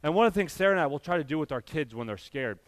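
High-voiced man preaching earnestly. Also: animated, rapid-fire, no room sound. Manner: earnest preaching with rising emphatic builds, addresses the church directly. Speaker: pastor. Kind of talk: sermon.

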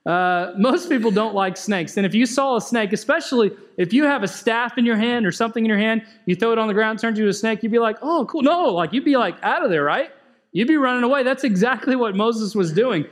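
A man with a high, light voice preaches to a congregation. His delivery is casual and chatty, full of questions to the room and quick asides. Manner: conversational preaching, asks the congregation questions, laughs. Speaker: pastor. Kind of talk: sermon.

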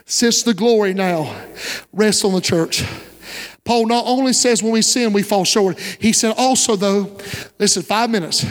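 A man preaching a sermon as pastor, impassioned and rising to shouts, asking the congregation call-and-response questions. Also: sits high. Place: church sanctuary. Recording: long church-hall reverb.

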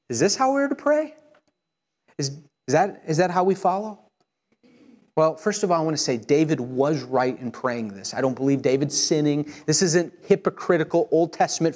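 A man preaching a sermon in an earnest, measured way. His voice sits a little high for a man, and he drops softer and slower whenever he speaks a prayer aloud. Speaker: pastor.

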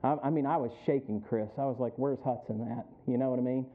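A middle-aged man preaching a sermon as pastor, telling a personal story and then building up to loud, high-pitched preaching. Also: fast talker. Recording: tinny phone-like sound.

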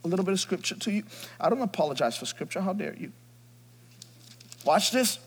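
A male pastor delivers an Easter sermon in a church sanctuary, his fairly high voice ringing with long reverb. He drops to hushed, almost whispered lines, then climbs to loud, fervent shouts. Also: animated, very fast, slightly rough.

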